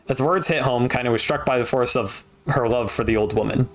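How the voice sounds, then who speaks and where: A man reading a novel aloud on a stream, steady narration broken by wry asides. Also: mid-range voice, a little fast, hardly any pauses. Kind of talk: casual audiobook reading with asides.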